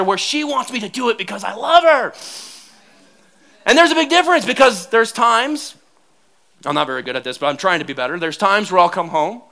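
A middle-aged male pastor delivers a sermon in a high, bright voice. He talks in a lively, self-mocking way and often laughs at his own stories about married life. He keeps the church close and casual. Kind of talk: sermon with humorous personal stories.

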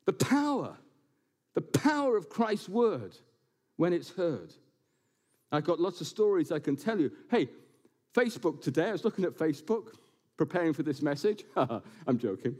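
A male pastor preaching to his church, his voice sitting a bit high and swinging widely in pitch. He stays animated throughout and breaks up the message with self-mocking jokes. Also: moderate pace. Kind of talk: sermon. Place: church building, before a congregation.

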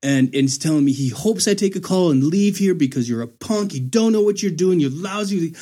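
A young man spins a story in casual talk, breaking into laughter and acting out the voices of others. His voice sits a little higher than most men's, and he keeps it lively and theatrical throughout. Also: moderate pace. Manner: animated, laughing, acts out voices. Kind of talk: casual chat.

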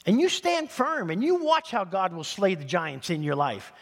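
A man pastor from New City, preaching in an animated, conversational way with humorous asides. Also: sits high, moderate pace. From New York City. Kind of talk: sermon. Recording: long hall reverb.

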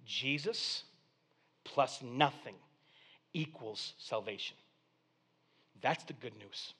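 A male pastor delivering a sermon, swinging from hushed, low passages to loud, excited proclamations. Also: takes it slowly, pauses often, slightly rough. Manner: dynamic preaching, dropping to hushed tones then rising to loud exclamations.

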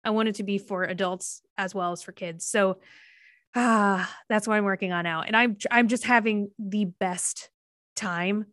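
A woman's voice: medium pitch, steady tone, a little slow, a bit bright, dry recording, clean studio sound. A woman guest on a podcast, rambling through stories and often breaking into giggles. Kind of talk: casual interview chat.

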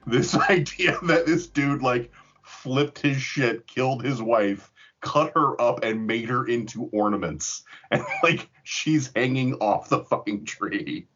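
A man's voice: mid-range voice, takes it slowly, a bit bright, slightly rough. A man in casual chat, rambling with fillers and casual swearing. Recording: dull lo-fi recording.

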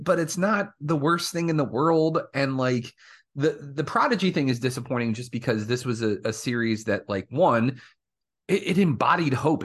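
A man co-hosting a casual podcast, explaining things in a relaxed way with fillers. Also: mid-range voice, husky. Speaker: podcast co-host. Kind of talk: casual chat.

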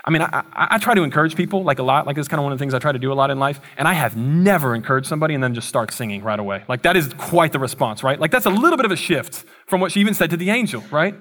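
A man's voice: fairly high pitch, animated, racing, few pauses, fairly bright tone. A young man preaching a sermon in a casual, conversational way, with playful asides. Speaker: pastor.

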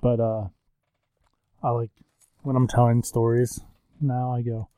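A man's voice: medium pitch, flat delivery, a little slow, dark tone, clear, resonant tone, no room sound, poor audio. A man in his thirties co-hosting a podcast in casual, joking chat, sometimes slipping into silly voices. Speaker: podcast co-host.

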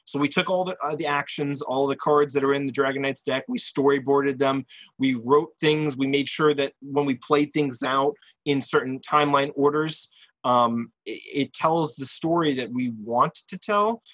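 A man, a game designer guest, talking earnestly in a casual interview with halting restarts. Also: medium pitch, steady tone, a bit bright, no echo, poor audio.

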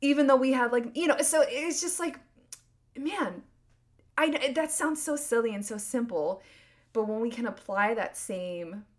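A woman's voice: fairly high pitch, a little slow. Give me a woman in her thirties talking through a solo podcast, earnest and meandering. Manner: rambling, earnest, many likes and restarts. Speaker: podcast host. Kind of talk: casual solo podcast monologue.

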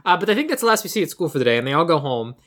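Male podcast co-host, casual rambling recap with quick character impressions. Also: a little high, very animated, fairly bright tone. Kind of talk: casual movie recap chat.

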